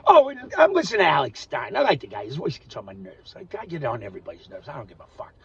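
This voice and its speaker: Gravelly older man ranting, profane. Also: a little high, wildly swooping pitch, quick pace, far from the mic, dull audio. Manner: profane, ranting, swinging between shouting and muttering. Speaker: vlogger. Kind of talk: ranting monologue to camera.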